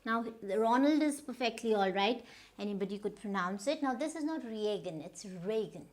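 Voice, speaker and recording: A woman with an Indian English accent giving an informal pronunciation lesson, pausing often and checking in with her listeners. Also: fairly high pitch, lively intonation, a little mellow. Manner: unhurried, stops often to check understanding with "right?". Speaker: pronunciation teacher.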